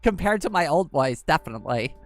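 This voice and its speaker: A woman's voice: low-pitched, big pitch swings, fairly quick, soft background music. A young woman with an androgynous-sounding voice, chatting casually with her livestream viewers and rambling with lots of fillers. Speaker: livestream host. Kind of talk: casual livestream chat, answering chat.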